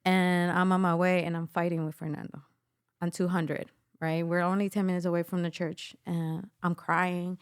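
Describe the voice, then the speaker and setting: A woman's voice: lowish voice, normal speed, clear, resonant tone, no echo, clean studio sound. A young adult woman giving an emotional personal testimony as a podcast guest, acting out the voices of the people in her story. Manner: animated storytelling, acts out quoted voices.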